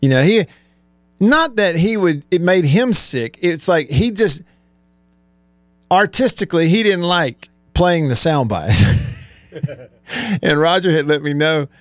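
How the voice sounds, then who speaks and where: Chatty sports radio host, dry studio sound. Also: male voice, a little high, expressive, unhurried, long pauses, no room sound. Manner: chatty, laughing often, easygoing. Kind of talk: casual radio talk. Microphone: studio microphone.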